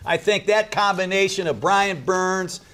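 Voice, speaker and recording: A man offers broadcast football analysis in a confident, opinionated manner. His voice sits quite high for a man. He delivers each point like a firm prediction. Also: unhurried, bright, forceful tone. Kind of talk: broadcast sports commentary.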